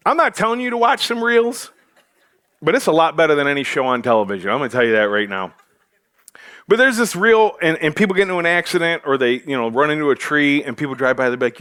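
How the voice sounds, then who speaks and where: A man's voice: a little high, very animated, fast, pushed and bright, clear, resonant tone. A male pastor preaching a sermon to his church, joking with the congregation as he goes. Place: church sanctuary.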